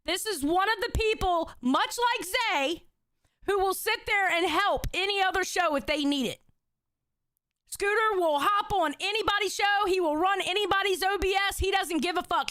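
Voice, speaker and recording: A woman in her forties hosts a livestream and reads the chat, speaking bluntly and emphatically with lots of swearing. Her voice is very high and fairly bright, with no echo.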